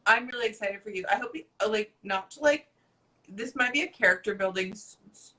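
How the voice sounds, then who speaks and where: A woman's voice: mid-range voice, a little fast, sharp tone, poor audio. A woman hosting a casual chat, gushing and playful, swearing freely. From New Jersey. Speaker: host.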